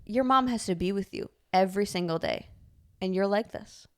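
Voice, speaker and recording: A young woman co-hosting a podcast, telling a story in animated casual chat, full of "like" and laughter. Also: mid-range voice, moderate pace, smooth. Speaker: podcast co-host.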